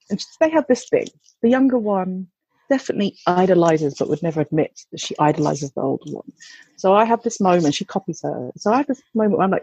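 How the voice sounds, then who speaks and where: A woman's voice: on the high side, animated, brisk, mellow, husky, dry recording, lo-fi sound. A woman, a mother, telling a candid, chatty anecdote with some swearing and restarts. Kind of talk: casual anecdote.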